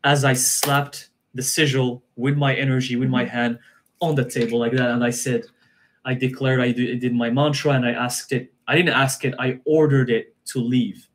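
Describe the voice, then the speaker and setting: A man's voice: medium pitch, level tone, normal speed. A man, a guest on a live stream, telling a personal story in an earnest way, often repeating himself and restarting sentences.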